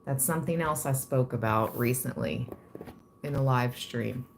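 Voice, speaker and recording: A woman giving a calm, reflective tarot reading to her viewers. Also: rumbling low, moderate pace, noisy background. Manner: calm and reflective, reading card meanings aloud. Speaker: tarot card reader.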